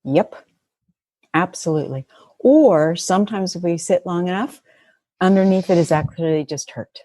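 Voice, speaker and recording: Woman, therapist guest, conversational storytelling, laughs often, husky voice, very dry sound. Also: lowish voice, moderate pace, dark tone, no echo.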